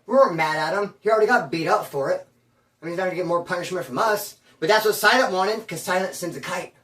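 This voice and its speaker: A man who served time telling prison stories in a casual, slangy, animated streetwise way. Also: high-pitched, fast, far from the mic. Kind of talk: casual storytelling. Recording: roomy sound from away from the mic.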